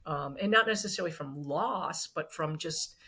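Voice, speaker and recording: A woman's voice: deep voice, moderate pace, sharp tone, husky. A woman guest in a casual interview, speaking earnestly and thoughtfully, often restarting her sentences. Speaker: guest author.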